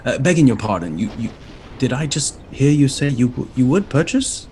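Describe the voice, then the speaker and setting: A man's voice: mid-range voice, animated, moderate pace, a little mellow, a little hiss or hum, close to an everyday voice. A man voicing a small, nervous male imp professor who stammers and is overly polite. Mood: eager surprised.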